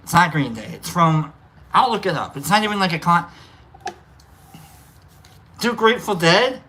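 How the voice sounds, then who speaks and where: A man's voice: high voice, big pitch swings, moderate pace, pushed and bright, a little hiss or hum. A man hosting a casual livestream, rambling, musing aloud between coughs and reading out chat comments. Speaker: livestream host.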